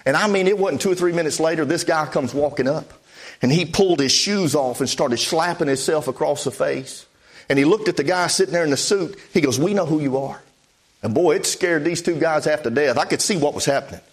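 A man with a notably high voice preaches from the pulpit. He tells a testimony story in a folksy, plainspoken way, stacking up "I said" asides. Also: brisk. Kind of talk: storytelling sermon.

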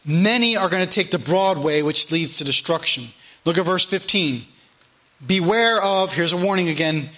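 A preacher's voice, a man pitched high and sounding bright and forceful. He reads King James verses slowly and with heavy emphasis, then breaks them down for his congregation. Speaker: pastor. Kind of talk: sermon with scripture reading.

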